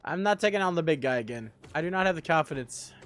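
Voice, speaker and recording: A man's voice: a little high, animated, quick pace, fairly bright tone, soft background music. A young man streaming a game live, joking about himself and chatting with his viewers. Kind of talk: live gameplay chat.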